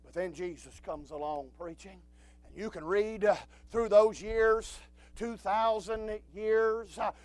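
A man preaching a sermon, swinging from quiet low talk to shouted, drawn-out preaching. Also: steady tone, no echo.

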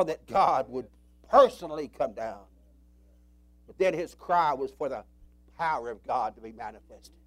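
A male preacher delivering an impassioned sermon, swinging from loud cries to low murmurs.

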